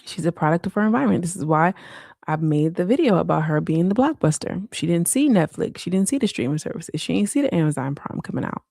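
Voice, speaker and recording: A woman hosts a casual late-night livestream, answering viewer comments in slang peppered with "like" and "you know". Her voice is on the low side, expressive, fast, and gravelly with a darkish tone. The recording is dry and studio-clean.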